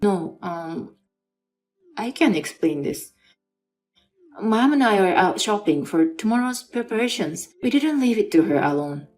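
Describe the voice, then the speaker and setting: A demanding, dismissive young husband who leans on his mother, read by a woman in her own voice. The read is quick and middle-pitched. It never drops into a man's register. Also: animated, darkish tone, faint music behind, natural voice. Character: selfish young husband, mama's boy. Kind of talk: scripted dramatized story reading.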